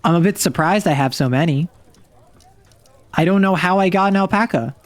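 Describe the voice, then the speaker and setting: A vtuber streamer plays a game and thinks aloud in a casual, rambling way. His voice is high and his speed normal, with no room sound.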